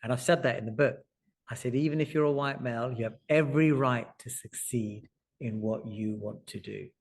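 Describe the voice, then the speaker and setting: A man in his forties, a surgeon and author, telling personal stories in a lively way and acting out the dialogue. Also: medium pitch, normal speed. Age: 40s. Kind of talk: conversational storytelling. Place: lecture hall.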